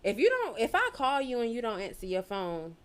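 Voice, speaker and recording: A woman's voice: fairly high pitch, wildly swooping pitch, brisk. A young adult woman speaking as a podcast guest in casual chat, candid and emphatic, with plenty of profanity.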